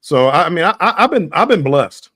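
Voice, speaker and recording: A man's voice: on the high side, sing-song, bright, forceful tone, husky, no echo, clean studio sound. An American man telling travel stories in a casual livestream chat, often repeating his words as he starts. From United States. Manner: halting, repeats words, chuckling storyteller. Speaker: guest.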